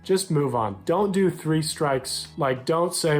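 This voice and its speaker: A man's voice: fairly high pitch, fairly even intonation, unhurried, faint music behind. A young American man coaching men on dating, talking straight to the viewer in an upbeat, direct way and acting out short quoted lines. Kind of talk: direct-to-camera advice talk.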